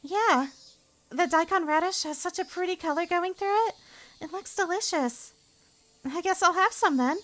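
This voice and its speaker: A woman voicing a sweet, gentle teenage girl with a soft, cheery manner, while reading a visual novel aloud. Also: extremely high pitch, moderate pace, pitched above the performer's own voice. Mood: cheerful.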